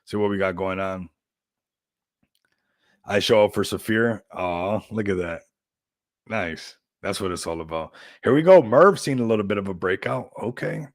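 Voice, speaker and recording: Low-voiced upbeat male crypto streamer. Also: animated, normal speed, dry recording, clean studio sound. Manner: rambling, upbeat hype talk with frequent laughs. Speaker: crypto livestream host. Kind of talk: casual livestream chat.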